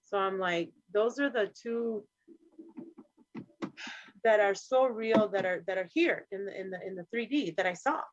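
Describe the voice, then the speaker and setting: A woman's voice: mid-range voice, unhurried, long pauses, dry recording. A woman hosting a live stream, chatting casually with a loose, profane manner and easy laughs. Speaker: host. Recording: dry, dull lo-fi call audio.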